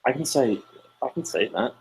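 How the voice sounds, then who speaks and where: A man's voice: mid-range voice, moderate pace, gravelly, rough recording. A man in his thirties, a podcast co-host, telling stories in casual chat and acting out quoted lines. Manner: animated storyteller, acts out quoted lines loudly.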